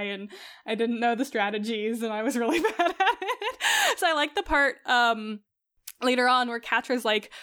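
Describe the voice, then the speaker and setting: A woman co-hosting a podcast in casual chat, relaxed and self-deprecating. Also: on the high side. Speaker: podcast co-host.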